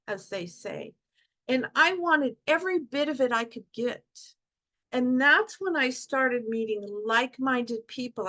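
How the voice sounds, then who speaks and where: A middle-aged woman speaks with heartfelt passion, slipping into lively quoted asides as she tells her stories. Her voice sits a little high, and the sound is that of a video call. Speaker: guest speaker at support group. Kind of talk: emotional personal talk to an online group.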